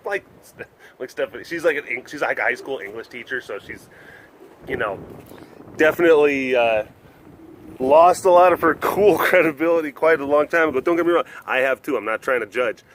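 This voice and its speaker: A man's voice: on the high side, fairly quick, a little hiss or hum. A man vlogging outdoors at an animal sanctuary while walking, talking in a rambling, casual way and chuckling often. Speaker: vlogger at a big cat facility.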